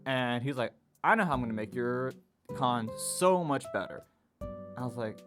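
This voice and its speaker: A young man in his twenties casually telling a personal story, acting out what people said in a raised, animated voice. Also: medium pitch, a little fast. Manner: animated retelling, acts out quotes in a raised voice. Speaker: vlogger. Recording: guitar music playing behind. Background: guitar music.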